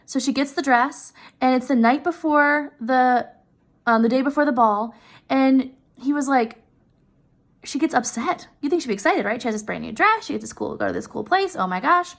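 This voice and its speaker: A woman's voice: high-pitched, moderate pace, gravelly. A woman casually retelling a classic story, chatty and openly opinionated about the characters.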